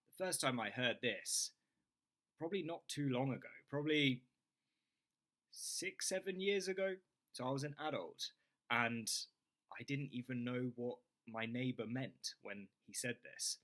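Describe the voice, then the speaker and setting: A young British man teaching an English lesson, saying phrases slowly and clearly for learners to repeat. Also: medium pitch, a bit bright.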